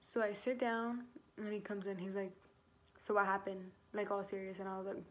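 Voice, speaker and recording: A woman's voice: medium pitch, steady tone, fairly quick. A pregnant teenage girl telling her story to camera in a casual vlog, chatty and full of fillers, swearing freely. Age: teens. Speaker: vlogger.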